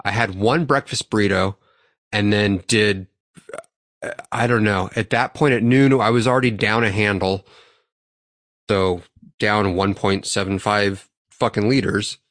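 A man's voice: fairly low pitch, steady tone, a little slow, fairly bright tone, no room sound, clean studio sound. Profane man telling a story. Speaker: podcast co-host. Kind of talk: casual storytelling among friends.

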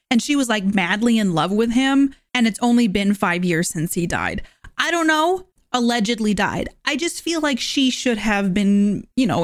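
Chatty woman with a higher voice. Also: no room sound, studio quality. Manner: chatty, wry, quick asides. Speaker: podcast host. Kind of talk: casual movie reaction monologue.

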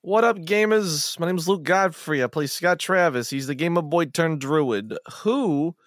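A man's voice: a little high, normal speed. A young man playing a tabletop game on a podcast, teasing his friends and laughing a lot. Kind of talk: casual banter among friends.

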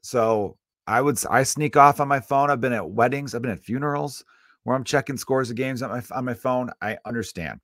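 A comedian from the Chicago area hosts his podcast, ranting casually and animatedly, with lots of swearing and frequent asides. His mid-range voice moves fairly quickly. The sound is studio quality with no echo.

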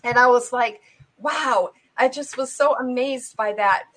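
Animated woman telling a faith story. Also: unhurried. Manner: animated, acts out the dialogue with big jumps in pitch and loudness; loose and conversational, with many fillers. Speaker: guest.

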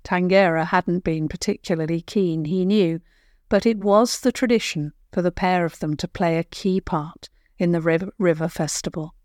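An older woman narrates a children's story in a gentle, measured way. Her voice sits a little low, and the recording is close and dry. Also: no room sound.

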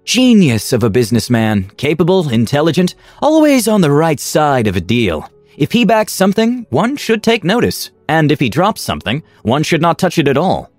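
A man's voice: fairly high pitch, huge pitch swings, moderate pace, hardly any pauses, no echo, soft background music, voice pushed up. A man voicing a flamboyant, flirtatious rich male merchant in a theatrical, playful manner.

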